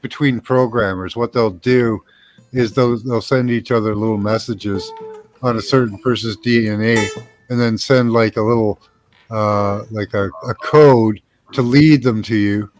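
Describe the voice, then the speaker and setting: A man's voice: medium pitch, unhurried. A man hosting a casual group chat, explaining things at length with lots of fillers and restarts.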